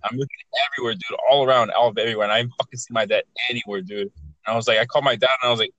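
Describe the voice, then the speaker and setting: A man's voice: medium pitch, fairly even intonation, racing, a bit bright, no room sound, rough recording. A young man telling creepy stories in a casual chat, rambling with heavy slang, swearing and many restarts.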